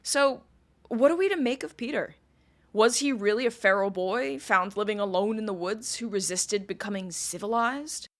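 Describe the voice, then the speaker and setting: A woman's voice: medium pitch, moderate pace. A woman podcast host telling a history story in a casual, chatty way with wry asides.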